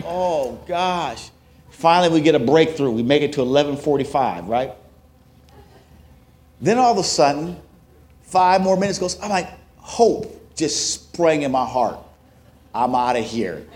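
A man giving a sermon testimony, telling a story with acted-out quotes that rise to loud, emotional peaks. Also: mid-range voice. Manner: self-described introvert, plain conversational delivery. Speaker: preacher.

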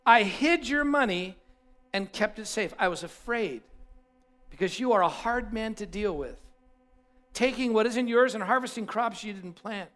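A man's voice: high-pitched, animated, normal speed, a bit bright. A man voicing a fearful servant explaining why he hid his master's money.

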